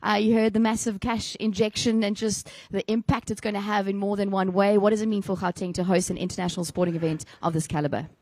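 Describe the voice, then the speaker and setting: A woman's voice: medium pitch, fairly even intonation, fast talker, few pauses, darkish tone, dry recording. A South African woman hosting a press conference, handing over to speakers in a friendly, chatty way. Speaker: event host.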